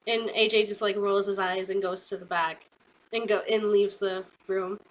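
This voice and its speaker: A young woman getting over a cold who chats casually through a recap of a wrestling show, filling her talk with "like" and retelling scenes with excitement. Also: mid-range voice, normal speed, low-quality recording.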